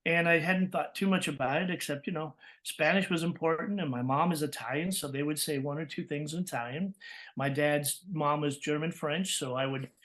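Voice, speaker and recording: A man from California, a voice actor, telling stories in an interview with lively energy, laughing often and acting out the voices he quotes. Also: a little high, moderate pace. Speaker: guest, voice actor. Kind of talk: interview storytelling.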